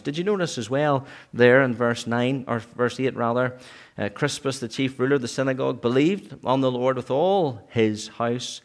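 In church, a man delivers an earnest sermon. His voice sometimes climbs to emphatic peaks, then falls low again.

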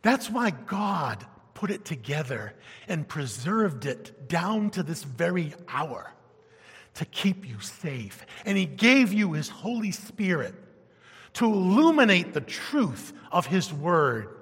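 A high, bright-voiced male pastor preaching with animated emphasis, swinging from loud to hushed. The sermon rings with the long reverb of a church hall. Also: slow pace, breathy edge.

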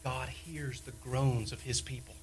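A male pastor preaching a sermon, repeating key phrases emphatically and swinging between loud declarations and hushed lines. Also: medium pitch, steady tone, unhurried, slight background noise.

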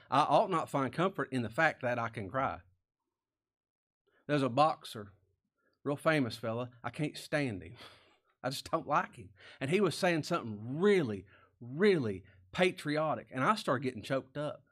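A man preaching a sermon as pastor, folksy and plain-spoken, asking rhetorical questions and sometimes dropping to a hush. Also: fairly high pitch, lively intonation, moderate pace.

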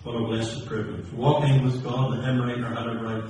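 A man's voice: medium pitch, little pitch movement, fairly quick, a little mellow, a little hiss or hum. A man delivers a sermon in a rhythmic, rising preaching cadence, stacking question after answer. His voice rings through a large, very reverberant hall and is picked up from some distance, with faint room ambience underneath. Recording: very echoey hall, heard from a distance.

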